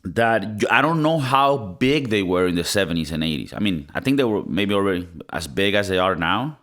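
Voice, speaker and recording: A man's voice: low voice, moderate pace. A man co-hosting a podcast, chatting casually about a movie and often acting out quotes. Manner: animated, laughing, quotes movie lines in put-on voices. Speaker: podcast co-host. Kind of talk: casual movie review chat.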